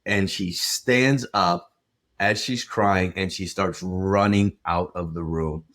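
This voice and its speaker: A man co-hosting a relationship podcast, recounting a personal story in a steady, measured way. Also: deep voice. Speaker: relationship coach and podcast co-host.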